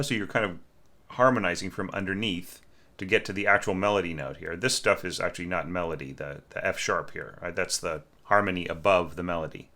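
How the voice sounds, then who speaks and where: Bright-voiced man critiquing a score. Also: low-pitched, fairly quick. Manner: thinks aloud, sings lines with da-da. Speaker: orchestration teacher.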